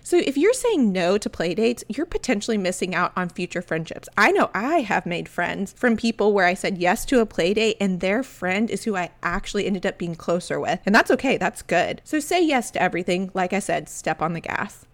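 A woman's voice: medium pitch, normal speed, few pauses. A woman in her thirties with a Southern American accent, hosting a podcast in a casual, chatty, candid way. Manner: chatty, candid, animated storytelling. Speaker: podcast host. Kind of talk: casual solo podcast talk.

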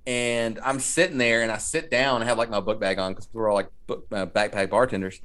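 Male podcast co-host, excitable storyteller with a lot of swearing. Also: lowish voice, a little fast. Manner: excitable, profane, laughing storyteller. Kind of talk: casual chat.

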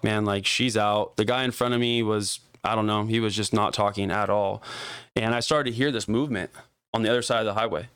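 A young man with a lowish, smooth voice tells a story in loose, profane podcast chat. He leans hard on "like" and gets animated as he goes. The sound is close and dry. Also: no room sound. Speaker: guest telling a story.

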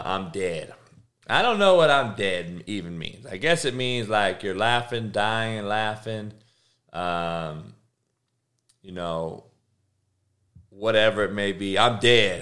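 A man hosting his own podcast, rambling casually and profanely, with big swings in pitch as he gets worked up. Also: a bit bright. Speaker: podcast host; coach. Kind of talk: casual solo podcast rant.

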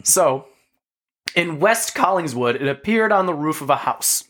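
A man's voice: on the high side, lively intonation, unhurried, fairly bright tone. A man co-hosting a podcast, telling a story in casual chat, swearing and laughing often. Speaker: podcast co-host.

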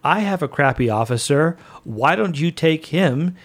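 A brash male starship captain talks in an offhand way, his voice pitched a little above the storyteller's own, as a podcast host puts him on. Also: animated, a little slow.

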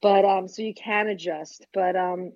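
Older woman comic, husky voice, brash punchline storytelling, dull lo-fi sound. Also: mid-range voice, steady tone, measured pace, darkish tone. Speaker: stand-up comic guest. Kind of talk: casual interview chat.

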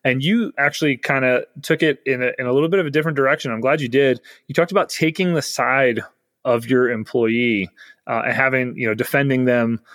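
A man's voice: mid-range voice, a little fast, fairly bright tone, dry recording, studio quality. A man hosting a podcast, talking casually with many fillers. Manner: rambling, filler-heavy interviewing. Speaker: podcast host.

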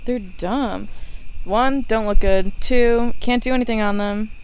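A woman's voice: a little high, measured pace, a little hiss or hum, poor audio. A woman co-hosting a podcast, giving blunt, opinionated takes in casual chat.

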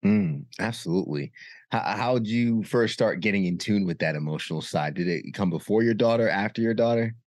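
A man's voice: lowish voice, brisk, darkish tone, dry recording, clean studio sound. A man hosting a podcast interview, asking thoughtful questions and affirming his guest. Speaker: podcast host. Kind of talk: casual interview talk.

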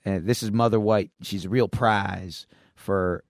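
On a podcast he co-hosts, a man chats casually through a comic plot, rambling with many fillers and restarts. His voice is on the low side with vocal fry, a steady tone, and an unhurried pace, in clean studio sound with no echo.

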